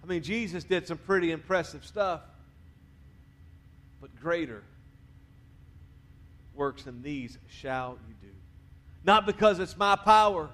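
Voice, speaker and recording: Conversational pastor preaching. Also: male voice, a little high, takes it slowly, long pauses. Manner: conversational preaching, drops to quiet endings, rises to urge the crowd. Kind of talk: sermon. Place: church sanctuary.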